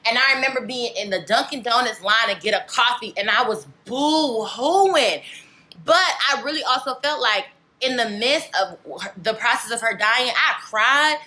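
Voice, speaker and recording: A woman's voice: on the high side, normal speed, sharp tone. A young woman vlogger chatting candidly to camera, rambling and filling with "like" and "legit". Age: young adult. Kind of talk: casual chat to camera.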